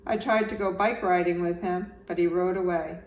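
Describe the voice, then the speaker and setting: A man's voice: fairly even intonation, normal speed, dull audio, natural voice. Franklin, a woman doing an earnest young turtle boy. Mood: sad. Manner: pleading, higher and brighter than the narration. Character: young male turtle, eager, earnest, worried. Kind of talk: children's storybook read-aloud. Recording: roomy echo, slightly distant mic, faint background noise.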